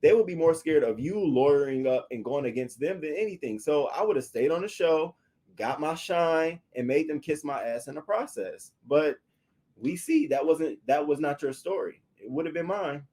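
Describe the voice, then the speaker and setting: A man reviewing a reality show in casual, profane commentary, answering viewers' comments and acting out what he would have said. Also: moderate pace. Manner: animated, profane, talks back to viewers' comments; acts out quoted lines in a higher, louder voice.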